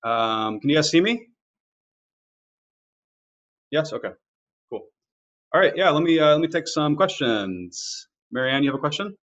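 A man's voice: on the high side, very animated, a little slow, long pauses, fairly bright tone, dull audio. A man teaching a live online violin lesson, explaining casually with fillers.

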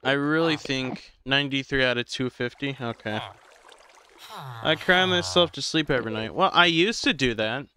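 A man live-streaming a game, chatting casually with viewers in a slow, drowsy, rambling way because he is tired. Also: mid-range voice, bright, forceful tone. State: tired, medicated.

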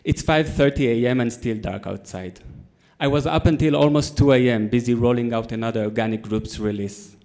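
Deadpan man telling a story. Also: mid-range voice, a little fast, hardly any pauses. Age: 30s. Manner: deadpan storytelling with comic timing. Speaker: conference speaker. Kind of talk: storytelling talk to a conference audience. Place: conference hall.

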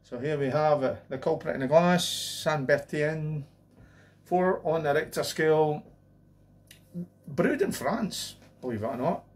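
A man with a fairly high voice speaks at a moderate pace as he casually reviews a cheap lager. He rambles along in a beer review vlog, tossing in jokey asides and running gags.

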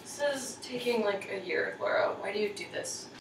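A woman's voice: mid-range voice, gravelly, reverberant, slight background noise, poor audio. A young American woman joking sarcastically with friends while cooking in a home kitchen. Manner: sarcastic, playful, quick to joke. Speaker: home cook among friends.

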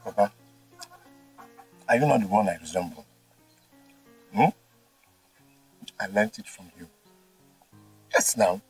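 An eager, earnest young village man with a Nigerian accent. His voice rises and falls in a lively way. The mic is distant, with faint music under it. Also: fairly low pitch, slow, pauses often, breathy edge, exaggerated voice. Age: young adult. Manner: pleading, repeats himself. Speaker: son. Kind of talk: film drama acting.

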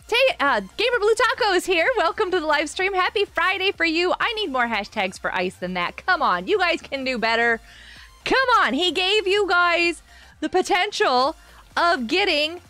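A woman's voice: high voice, pushed and bright. A woman game streamer chatting casually on a live stream and greeting viewers by name. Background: faint background music.

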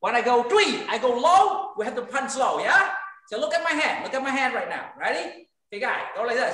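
A man's voice: extremely high pitch, very animated, fairly quick, pushed and bright. A man teaching an online kids' kung fu class, giving short drill commands and counting reps aloud in a training studio. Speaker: martial arts instructor. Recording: very echoey room, voice far from mic.

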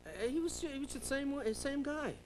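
A man from Long Island, a comedian guest telling lively stories on a talk show, laughing often and slipping into impressions. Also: very high-pitched, moderate pace. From Long Island, New York. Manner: lively storyteller, laughs a lot, slips into impressions. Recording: 1980s TV tape with hiss.

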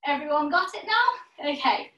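High-voiced woman guiding a yoga class. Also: animated, bright, forceful tone, lo-fi sound. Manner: encouraging, calls out poses in quick rounds. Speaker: yoga instructor. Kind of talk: guided yoga class instruction. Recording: echoey room, voice from a distance.

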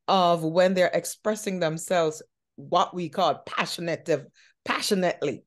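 A woman host with a lowish voice speaks slowly and thoughtfully. She lets her phrases stretch out in a reflective interview. Her pace is unhurried. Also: lively intonation. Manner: slow, thoughtful, drawn-out phrasing. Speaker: podcast host.

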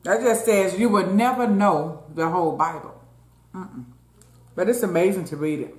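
At a fairly low pitch and normal pace, a mukbang host keeps a running conversation going with her viewers. Between bites she chats freely and calls out to them, her voice picking up a roomy echo.

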